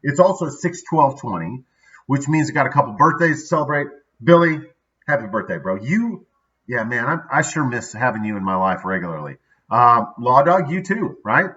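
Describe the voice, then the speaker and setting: A man's voice: medium pitch, very animated, moderate pace, bright, forceful tone, far from the mic, highs cut off. A man hosting a daily motivational video, talking casually and upbeat, checking in with "right?" asides.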